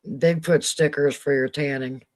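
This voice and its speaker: Slow-talking, giggly Midwestern woman. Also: low-pitched, steady tone. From Midwestern United States. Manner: giggly, breaks into laughter often. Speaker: co-host of a live chat stream. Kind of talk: casual late-night chat.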